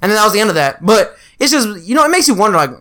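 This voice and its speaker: A man telling crude, animated stories in a casual chat with a friend. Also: high voice, very fast.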